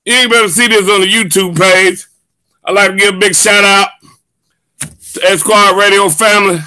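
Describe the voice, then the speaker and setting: A man hosting a live football show, loud and hyped, often shouting and stretching his words. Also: sits high, fairly even intonation, normal speed, no echo. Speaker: host. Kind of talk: excited live sports show chat.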